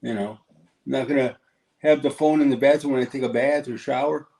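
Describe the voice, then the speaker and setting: Man, New York accent, gravelly voice, casual podcast chat, musing and conspiratorial. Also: mid-range voice, steady tone, fairly quick, darkish tone, low-quality recording. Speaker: podcast co-host.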